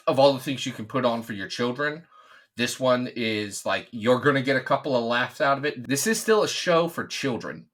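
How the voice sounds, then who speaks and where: A man's voice: medium pitch, fairly bright tone. A man in his thirties co-hosting a podcast in casual chat, jokey and rambling with asides. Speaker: podcast co-host.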